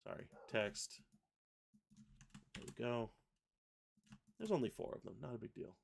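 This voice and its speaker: A man hosting a live software tutorial, thinking aloud and correcting himself as he works. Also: medium pitch, very animated, measured pace, creaky, slight background noise. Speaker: software livestream host. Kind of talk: casual live software demo.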